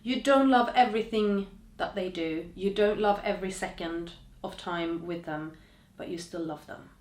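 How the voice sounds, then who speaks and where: A woman hosting a podcast, speaking to listeners in a gentle, encouraging way with soft trailing endings. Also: lowish voice, normal speed, echoey room. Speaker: podcast host. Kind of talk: reflective podcast monologue.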